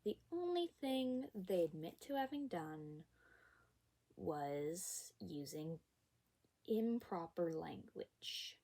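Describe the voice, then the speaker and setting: A young woman telling a personal story from school in a vlog, expressive and emphatic, with occasional whispered asides. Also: lowish voice, takes it slowly.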